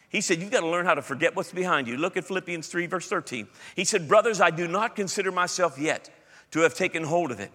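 A middle-aged man, a pastor, preaching a sermon with emphatic swings between loud declarations and hushed intensity. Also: fairly high pitch. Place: large church hall. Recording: long hall reverb.

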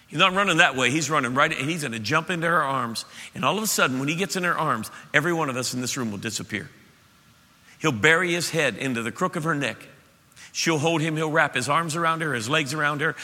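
A male pastor preaching an impassioned sermon to his church, swelling to loud peaks. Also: fairly high pitch. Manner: impassioned, rising to shouts at peaks. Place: church auditorium. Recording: reverberant church hall.

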